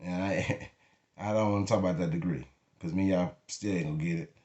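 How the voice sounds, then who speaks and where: A man's voice: deep voice, fairly even intonation, brisk, a little mellow. A man speaking to camera in an emotional venting monologue, blunt and emphatic, cursing freely. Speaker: vlogger. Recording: echoey room.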